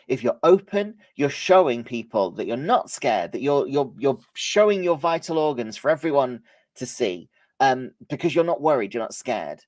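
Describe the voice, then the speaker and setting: A male trainer teaching a workshop, his voice a little hoarse from a cold. He speaks at a middling pitch, keeps the delivery lively with swings in loudness and speed, and the sound is close and dry. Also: dry recording. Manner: lively, varies volume and pace to demonstrate. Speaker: presentation skills trainer. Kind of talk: live workshop lesson.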